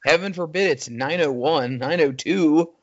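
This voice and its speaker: A man co-hosting a casual podcast, talking in an animated, exclaiming, exasperated way. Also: a little high, normal speed. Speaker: podcast co-host. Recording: dull lo-fi audio.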